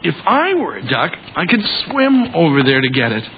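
A man's voice: on the high side, huge pitch swings, moderate pace, background noise. A man voicing a patient, encouraging young father in a cartoon. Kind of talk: cartoon voice acting. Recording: tinny lo-fi audio with loud music.

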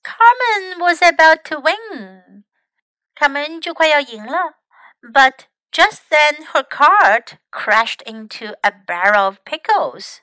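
A woman English teacher reading a bilingual storybook aloud in an expressive, animated way. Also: high-pitched, slow pace, no echo, rough recording.

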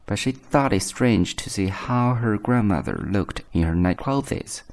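Man, deep voice, gravelly edge, calm bedtime story narration. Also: a little slow. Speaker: English teacher reading bedtime stories. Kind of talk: bedtime story read-aloud.

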